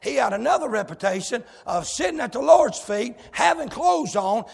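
A man preaching a fiery sermon, shouting and calling out to the congregation. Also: high-pitched, vocal fry, husky, big-room sound.

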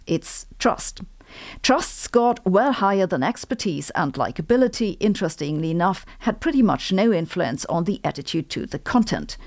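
A woman's voice: on the low side, lively intonation, moderate pace, few pauses, a little mellow. A woman with a German accent, a physicist hosting her own channel, delivering a scripted educational talk with dry, sarcastic asides. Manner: lecturing with dry sarcastic jokes. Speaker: physicist and video host.

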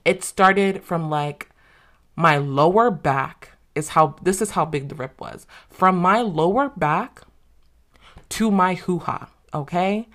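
A woman's voice: on the low side, a bit bright. A young woman hosting a podcast, telling a personal story in a candid, casual way with plenty of swearing and fillers. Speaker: podcast host.

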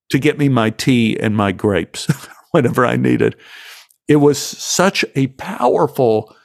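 An emotional, animated male storyteller. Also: medium pitch. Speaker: actor guest. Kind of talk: anecdotal storytelling in an interview.

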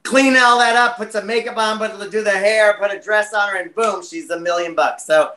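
Brief: American man, chatty interview guest, high and bright, roomy echo. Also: normal speed. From United States. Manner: chatty and animated, many fillers. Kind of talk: casual interview chat.

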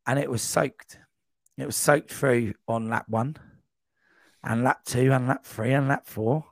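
A man's voice: medium pitch, measured pace, vocal fry, no room sound. Dry-sounding man telling a rambling story. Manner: rambling, animated anecdote with quoted voices. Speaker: podcast guest. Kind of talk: casual storytelling.

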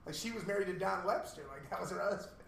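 A middle-aged man co-hosting a casual podcast chat, telling stories fast and swearing. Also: high voice, creaky, fairly bright tone. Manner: rapid, profane storytelling. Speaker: podcast co-host. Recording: echoey room, mic at a distance, faint noise.

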